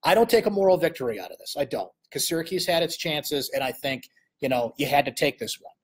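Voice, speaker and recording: Man, sports host, off-the-cuff livestream recap, husky and a touch high-pitched, chatty with lots of fillers. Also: quick pace. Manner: animated, conversational, many fillers. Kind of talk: live postgame commentary.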